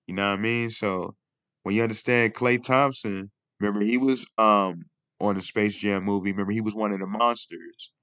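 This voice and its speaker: A man's voice: on the low side, a bit bright, dry recording. A man hosting a casual commentary vlog, talking in a rambling way and often asking "you know what I mean". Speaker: video host.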